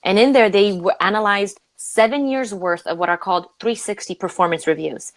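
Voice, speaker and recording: A woman's voice: brisk, no room sound, low-quality recording. A woman originally from Romania, a leadership coach telling stories in an interview and acting out the voices of people she quotes. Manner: animated, acts out quoted voices with big pitch jumps. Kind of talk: conversational interview storytelling.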